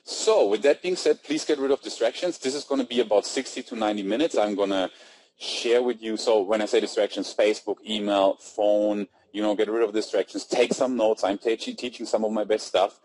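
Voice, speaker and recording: A man's voice: on the low side, a little fast, a little mellow, low-quality recording. German-accented man hosting a webinar. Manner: upbeat, chatty, reads out chat names. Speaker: webinar host. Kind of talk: casual webinar talk. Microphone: computer mic on webinar.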